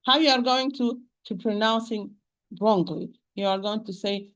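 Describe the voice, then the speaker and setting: A woman with an Arabic accent teaching Quran pronunciation, repeating sounds slowly and patiently to demonstrate them. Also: mid-range voice, fairly bright tone. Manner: addresses listeners as "my dear sister". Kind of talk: pronunciation lesson.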